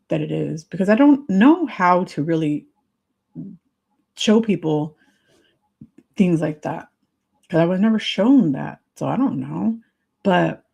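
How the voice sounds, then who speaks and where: Husky, gravelly woman confiding. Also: on the low side, darkish tone. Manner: confiding and emotional, sympathetic. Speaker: livestream host. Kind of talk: livestream chat with viewers.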